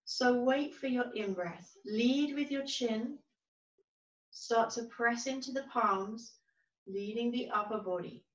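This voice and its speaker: A woman teaching a yoga class, giving calm, gentle, unhurried cues. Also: a little high. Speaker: yoga instructor. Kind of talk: guided yoga class instruction. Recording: roomy, distant, dull-sounding recording.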